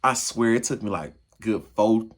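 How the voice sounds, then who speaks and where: A man telling a funny personal story to his viewers in a casual, slangy way, acting out the crashes and his own yells. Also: on the low side, normal speed. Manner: animated, acts out yells and crashes.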